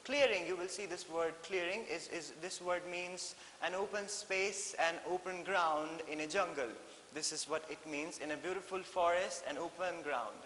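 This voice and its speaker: An Indian man teaching an English lesson in a classroom, explaining slowly and repeating phrases with frequent "okay?" checks. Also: sits high, fairly bright tone. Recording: echoey hall with faint hiss.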